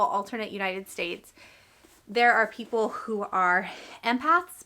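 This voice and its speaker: Woman, casual vlog chat, rambling and chatty, bright forward voice. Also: mid-range voice, vocal fry. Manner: rambling, chatty, self-interrupting. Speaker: reading vlogger; teacher.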